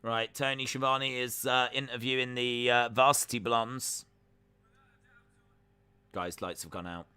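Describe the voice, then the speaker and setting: A man's voice: medium pitch, steady tone, unhurried, long pauses, sharp tone, clear, resonant tone, no echo. A man hosting a live reaction stream, chatting and joking about what he is watching, with frequent uhs.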